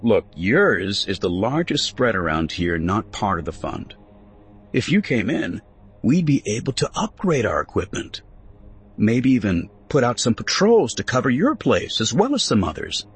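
An earnest young settler, played by a man, pleading and persuasive, his voice low and husky with a lively swing. He sounds eager, a bit awkward, always trying to win the other man over. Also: normal speed, exaggerated voice.

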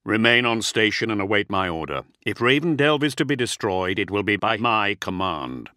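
A hard, commanding lord snaps out his orders in a low, dry voice with plenty of rise and fall, as a male narrator puts him on. Each command lands clipped and forceful. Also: sing-song, moderate pace, dry recording. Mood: stern.

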